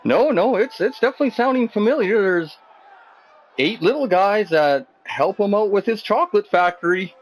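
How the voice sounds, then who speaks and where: A man's voice: sits high, expressive, moderate pace, poor audio. A man doing jokey, rambling commentary over a video game wrestling match, teasing his co-hosts. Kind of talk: jokey role-play commentary.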